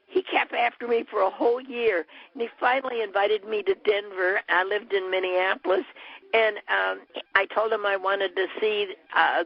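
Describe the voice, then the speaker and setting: A woman's voice: lowish voice, slightly rough, dry recording. An older woman, a bra business distributor, telling a long chatty story on a call, with many fillers. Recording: muffled telephone line.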